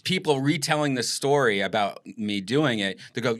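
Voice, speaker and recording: A man's voice: medium pitch, normal speed. A man hosting a podcast, telling stories in casual chat, laughing often and acting out what people said. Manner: animated storytelling, laughs often, acts out quotes. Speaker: podcast host.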